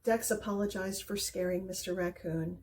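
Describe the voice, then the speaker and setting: Woman, picture book reader, gentle and expressive, mellow soft voice, faint background hiss. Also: medium pitch, moderate pace. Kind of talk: reading a children's book aloud.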